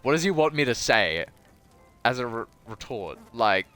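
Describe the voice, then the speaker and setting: A man's voice: medium pitch, very animated, normal speed, a bit bright, clear, resonant tone. A man ranting as a gaming video creator, exasperated and laughing at himself, swearing often. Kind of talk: ranting commentary on comments.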